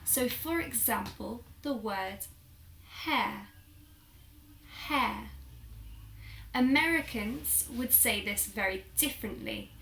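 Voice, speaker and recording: A woman's voice: a little high, expressive, measured pace, few pauses, a bit bright, echoey room, slight background noise. A woman with a British Received Pronunciation accent from the South of England, teaching pronunciation and carefully articulating each example word. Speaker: English teacher. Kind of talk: pronunciation lesson.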